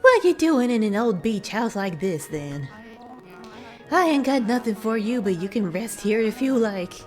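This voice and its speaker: A welcoming old Southern woman from a video game, drawling in a put-on American Southern accent, as a woman plays her. Her voice sits raised and lively. Soft music plays behind. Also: on the high side, a little slow, pitched above the performer's own voice. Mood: hospitable. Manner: drawling, hospitable.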